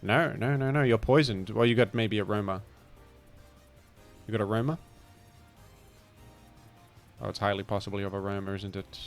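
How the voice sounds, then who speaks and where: Rambling British streamer, mock-grandiose. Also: male voice, lowish voice, fairly even intonation, moderate pace, long pauses, faint music behind. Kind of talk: live game commentary.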